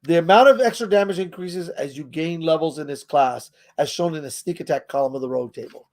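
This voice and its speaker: A man hosts a casual tabletop game tutorial, explaining the rules in a rambling way, chuckling often and trailing off while he searches for things. His voice is fairly high and a little mellow, and he talks briskly.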